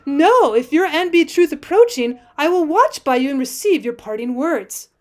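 A woman's voice: high-pitched, very animated, normal speed, voice pushed up. A woman reading as an earnest wounded young man.

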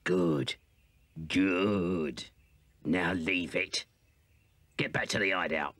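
A gravelly scheming weasel chief. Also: male voice, low-pitched, very slow, fairly bright tone, no room sound, heavily acted. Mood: bossing. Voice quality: gravelly, snarling. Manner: barks insults and orders at his gang. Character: scheming bossy male weasel gang chief.

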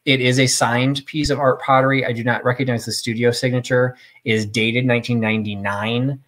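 A middle-aged man, talking in a chatty, rambling way as he hosts a live-stream sale. His voice sits a little low, and he pokes fun at himself as he goes. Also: a bit bright. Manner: chatty, rambling, self-deprecating. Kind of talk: casual live-stream selling.

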